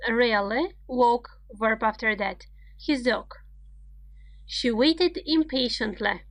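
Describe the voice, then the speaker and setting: Slow, deliberate woman teaching grammar. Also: on the high side, fairly bright tone, dry recording. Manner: slow, deliberate, explaining rules step by step. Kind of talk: grammar lesson.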